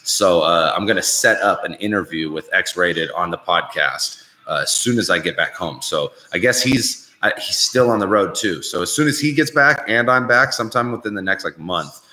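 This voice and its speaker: A man's voice: sits low, lively intonation, moderate pace, few pauses, pushed and bright. A man hosting a live Q&A stream, talking casually, rambling and swearing constantly. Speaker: show host on a live stream. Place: visiting Canada, indoors.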